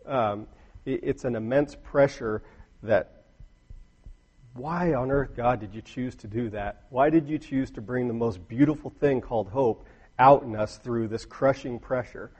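A man's voice: mid-range voice, a little slow, a little mellow, husky, dull audio. A middle-aged man preaching a sermon, earnest, telling a personal story and building to emphatic bursts.

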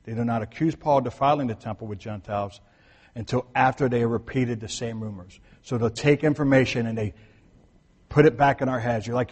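A man's voice: mid-range voice, a little fast, darkish tone, slightly rough, in a large hall. A man preaching a sermon in a conversational way, repeating his points for emphasis and restarting sentences. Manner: restarts and corrects himself mid-sentence. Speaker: pastor.

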